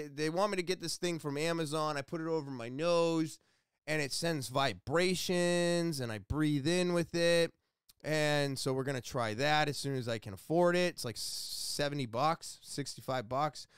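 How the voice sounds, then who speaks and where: A podcast host, a man, telling a story in a casual monologue, excitable and loud, rambling with restarts and asides. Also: on the high side, normal speed, clean tone, no room sound, clean studio sound. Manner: excitable, loud, almost yelling.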